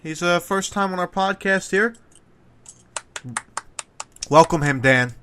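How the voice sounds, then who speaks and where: Bright-voiced man hosting a podcast. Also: high voice, slow, smooth. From Wales. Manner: jokey, puts on accents, hesitant fillers. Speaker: podcast host. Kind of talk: casual podcast chat.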